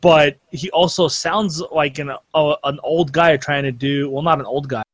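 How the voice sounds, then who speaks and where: A man's voice: a little high, steady tone, moderate pace, slightly rough, no room sound. A man chatting casually on a podcast, rambling with lots of fillers and restarts. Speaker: podcast co-host. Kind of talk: casual chat.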